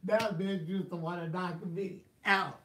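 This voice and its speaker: Sassy vlogger man, slightly raised pitch, chatty and animated. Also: a little slow, a little hiss or hum. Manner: sassy, animated, laughs often, quotes people in exaggerated voices. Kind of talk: casual storytelling chat.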